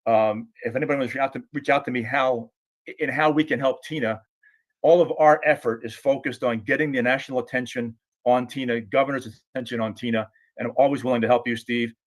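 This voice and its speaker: A man's voice: medium pitch, steady tone, quick pace. A man speaking earnestly and emphatically on a group call, with frequent restarts. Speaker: guest speaker; podcast co-host. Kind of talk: impassioned call remarks.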